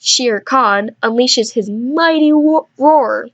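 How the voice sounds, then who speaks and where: A teenage girl hosting a student radio show, reading slowly and tripping over the words, with self-mocking asides. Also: high voice. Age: teens. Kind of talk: reading a script in mock Shakespearean English, with bloopers.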